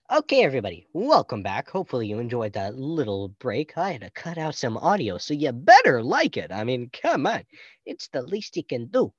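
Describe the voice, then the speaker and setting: A man's voice: mid-range voice, wildly swooping pitch, fairly quick, over loud music. Young man rambling through a podcast review. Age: young adult. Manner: rambling and jokey, laughs often. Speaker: podcast host. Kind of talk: casual film review chat.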